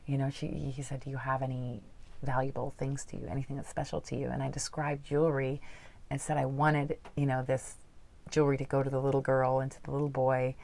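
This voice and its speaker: A woman with an unusually low voice and a gravelly edge. She talks through a personal story earnestly, in casual interview style with lots of fillers. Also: level tone, a little fast, darkish tone. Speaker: guest.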